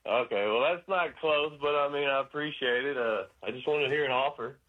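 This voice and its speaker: A man's voice: mid-range voice, brisk. Casual southern guy from arkansas, arkansas accent, calling in, laid-back and friendly, tinny phone line sound. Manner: friendly, laid-back, lots of "man" and "you know". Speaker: caller. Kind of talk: casual phone call to a radio show.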